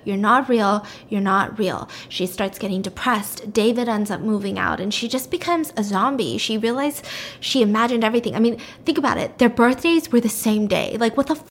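A woman casually retelling a story in an animated, conversational way, full of "like" and "you know". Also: a little high, brisk, slight background noise. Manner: animated, conversational, filler-heavy.

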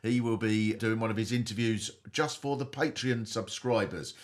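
A man's voice: lowish voice, normal speed. A middle-aged man hosting a comedy podcast in a theatrical, mock-grand way. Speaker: podcast host.

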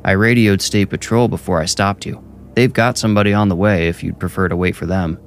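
A man's voice: low voice, fairly even intonation, brisk. Man playing a smug fake traffic cop. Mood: officious. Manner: curt, officious, hesitant when pressed. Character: fake skinny young male cop, smug and menacing.

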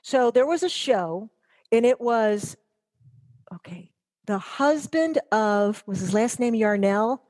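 A woman's voice: fairly high pitch, expressive, takes it slowly, a little mellow. A woman guest in casual chat, telling rambling stories and teasing the hosts playfully.

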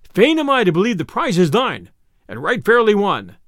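A man's voice: sits high, huge pitch swings, normal speed, a bit bright, no echo, clean studio sound, heavily acted. A man doing a blustering sheriff. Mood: excited. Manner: archaic, exclamatory. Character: proud blustering middle-aged male sheriff.

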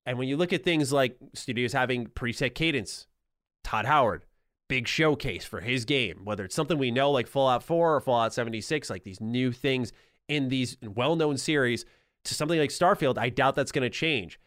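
A man's voice: medium pitch, normal speed, fairly bright tone, no room sound, studio quality. A man hosting a casual gaming podcast, rambling and repeating words as he thinks aloud. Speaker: podcast host.

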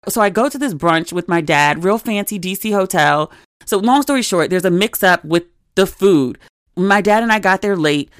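A woman in her forties hosts her own podcast and talks straight to listeners in a candid, chatty storytelling manner. Her voice sits at a middle pitch. The recording is close and dry, with no room sound. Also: a bit bright, dry recording. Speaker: podcast host. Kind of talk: casual solo podcast chat.

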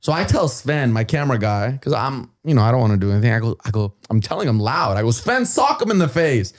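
An animated male storyteller on a podcast, his pitch swinging widely as he acts out what everyone said. His voice sits in a middle register and he swears casually. He talks loose and conversational. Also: quick pace. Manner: acts out quotes with lively swings in pitch and volume.

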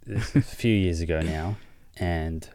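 A deep-voiced Australian man chats in an easygoing way, often laughing and restarting his sentences. The recording is dry and close, with no room sound. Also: measured pace, a little mellow, no room sound. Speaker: podcast co-host. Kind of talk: casual chat.

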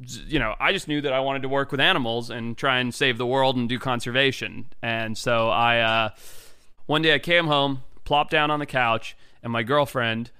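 A man's voice: mid-range voice, fairly even intonation, normal speed, sharp tone, clean tone, dry recording, clean studio sound. A man from Africa, a wildlife biologist, telling stories as a podcast guest in a laid-back way, swearing and acting out quotes. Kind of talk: casual storytelling chat.

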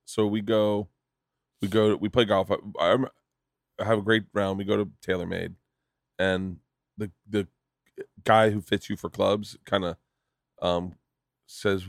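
Low-voiced man hosting a podcast. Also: flat delivery, unhurried, gravelly, long pauses, no room sound, studio quality. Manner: loose, profane storytelling. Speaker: podcast host. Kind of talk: casual podcast chat.

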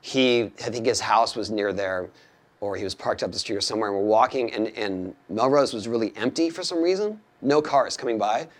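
Mellow soft-spoken 50s guy, guest, kinda hesitant, telling a story. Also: fairly low pitch, brisk. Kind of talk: casual chat.

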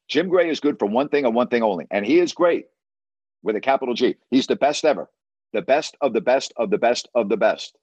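A man's voice: medium pitch, dry recording. A man who works as a sports broadcaster tells a story in a blunt, emphatic way, often repeating words for stress. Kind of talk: storytelling monologue.

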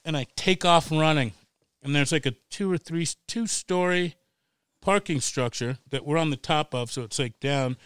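A middle-aged man, a podcast guest, telling a wild story in a casual, animated way, swearing freely and laughing as he goes. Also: on the high side, normal speed, clear, resonant tone, no echo.

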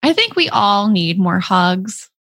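A woman's voice: mid-range voice, big pitch swings, slow, a bit bright, no echo. A young woman co-hosting a podcast, chatting earnestly and eagerly. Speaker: podcast co-host. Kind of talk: casual chat.

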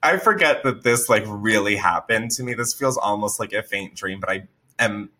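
Bright-voiced young man telling a wild story. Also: fairly low pitch, moderate pace. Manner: animated, swearing, laughs a lot. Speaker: podcast host. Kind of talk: casual storytelling.

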